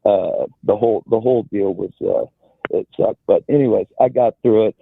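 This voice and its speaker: A low, gravelly male caller comes through a tinny phone line. He tells his story haltingly, circling back and restarting often. The sound is dry and close. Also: dry recording. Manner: halting, many restarts and fillers. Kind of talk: casual call-in story.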